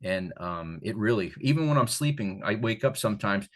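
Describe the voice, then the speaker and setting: An older man from the Catskills talking as an author guest in a casual interview, rambling and animated, with many restarts. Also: fairly low pitch, normal speed. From Catskills, New York.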